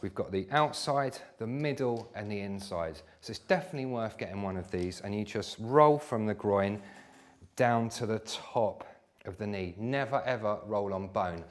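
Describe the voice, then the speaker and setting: A man, a sports therapist, giving a live exercise class and demonstrating on his own leg in a chatty way. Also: lowish voice.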